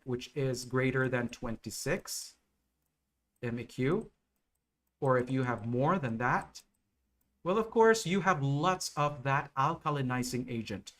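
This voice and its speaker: A man teaching nursing exam material on a live stream, explaining slowly and checking in with viewers often. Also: mid-range voice, a bit bright. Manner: slow, repetitive explaining with frequent okay and right checks.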